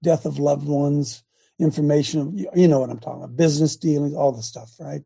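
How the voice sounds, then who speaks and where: A man's voice: a little high, fairly even intonation, a little fast, creaky, warm tone, slightly rough. A man hosting an online faith show, preaching casually to a live audience. He talks straight to viewers with lots of repeated questions and often restarts his sentences.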